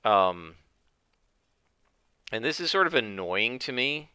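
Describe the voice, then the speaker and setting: A man's voice: medium pitch, big pitch swings, takes it slowly, bright, forceful tone, clear, resonant tone, no echo. A man narrating his solo tabletop game, thinking aloud with many fillers.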